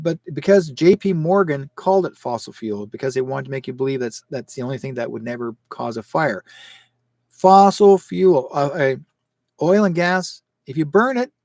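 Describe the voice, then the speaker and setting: A Canadian man hosting a live call-in psychic show, talking in an emphatic, rambling way with sudden rises in pitch. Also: darkish tone, no echo. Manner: emphatic, rambling, rising sharply on points.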